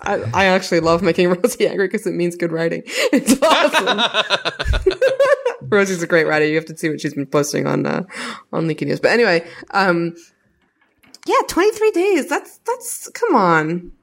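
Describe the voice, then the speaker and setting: A woman's voice: on the low side, sing-song, normal speed, vocal fry. A woman co-hosting a casual podcast, giggling often as she reads out news items and chats. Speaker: podcast co-host. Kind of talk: casual chat.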